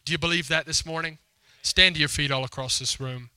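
Bright-voiced male pastor telling a story. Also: a little high, fairly even intonation, fairly quick, clear, resonant tone, no room sound. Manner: storytelling with acted quotes, emphatic and conversational. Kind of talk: sermon. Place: church hall before a congregation.

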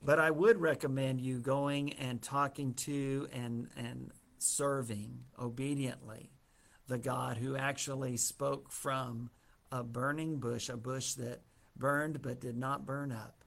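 A man's voice: mid-range voice, steady tone, takes it slowly, gravelly, fairly bright tone. A man teaching a Bible study, retelling the story casually with humorous asides.

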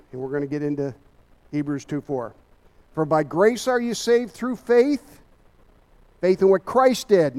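A man's voice: fairly high pitch, a little mellow. A man giving a Bible study sermon, emphatic and a little out of breath, often asking his listeners rhetorical questions.

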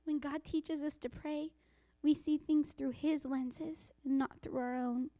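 Woman giving a sermon, high warm voice, dry close sound, reads scripture slow and deliberate. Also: fairly even intonation, no room sound. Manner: dramatic hushed whispers for emphasis. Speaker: preacher.

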